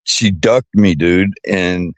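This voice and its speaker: A man's voice: sits low, takes it slowly, no room sound. A man being interviewed, speaking casually and hesitantly with many ums and uhs. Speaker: interview guest.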